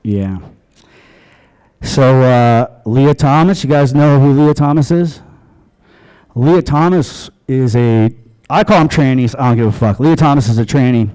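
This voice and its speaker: A man's voice: medium pitch, mellow, clear, resonant tone, low-quality recording. A man from Long Island doing a stand-up comedy set in a comedy club, crude and offhand. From Long Island, USA.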